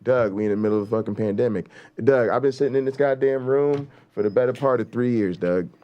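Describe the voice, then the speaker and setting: A fast-talking man with a mid-range voice hosts a talk show, and the recording's highs are cut off. His casual commentary is blunt and emphatic, with plenty of swearing and frequent rhetorical "right?"s.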